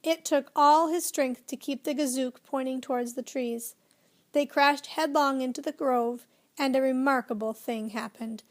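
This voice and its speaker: A woman narrating a children's storybook with a lively, expressive reading. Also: sits high, normal speed. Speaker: audiobook narrator.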